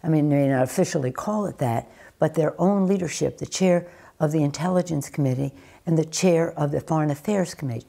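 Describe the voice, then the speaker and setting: An older American woman answering questions in a news interview, deliberate and emphatic, often restarting her sentences. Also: low-pitched, vocal fry, warm tone, husky. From United States. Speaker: interviewee, former politician.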